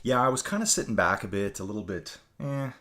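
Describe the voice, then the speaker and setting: Low-voiced tired man hosting a livestream. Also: big pitch swings, fast, sharp tone. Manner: rambling, chatty, addresses viewers as folks. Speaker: livestream host. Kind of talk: casual live-stream chat. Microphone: desk mic with adjustable gain.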